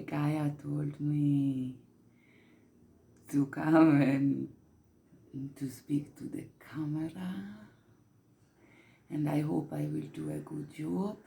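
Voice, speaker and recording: A hesitant woman, as an actress improvises her, speaks to the camera in an unscripted monologue. Her voice sits low with a gravelly edge. She talks very slowly and keeps breaking off to restart. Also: dark tone, exaggerated voice. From Israel. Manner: hesitant, halting, many restarts. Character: shy woman new to the camera, rambling. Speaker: fictional interviewee speaking to camera. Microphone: camera mic.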